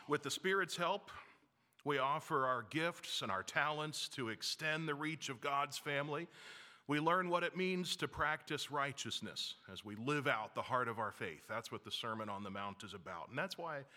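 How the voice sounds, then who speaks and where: A man delivers a sermon from the pulpit, his voice bright and forceful. He preaches with animation and a wry, self-deprecating humor. The sound carries a long reverb, as in a large church sanctuary. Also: mid-range voice. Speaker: pastor.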